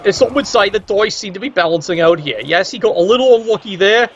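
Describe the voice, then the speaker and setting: A man commentating a video game match, tossing in sardonic quips and letting his voice leap upward for effect. His speaking voice sits high for a man. The recording sounds a little dull and muffled, with a faint hiss running underneath. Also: animated, quick pace. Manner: cheeky, sardonic asides with sudden pitch jumps.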